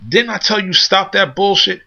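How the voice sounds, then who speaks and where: A man voicing a gruff store owner who scolds kids and breaks up a fight, in a raised, barking voice. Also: high voice, normal speed, dull audio, crowd noise, voice pushed up. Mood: scolding.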